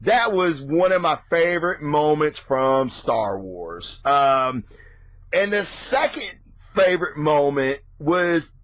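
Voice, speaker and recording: A man hosting his own show, ranting casually and excitably with lots of swearing. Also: no room sound. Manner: profane, excitable, mimics reactions in a high voice. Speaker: podcast host.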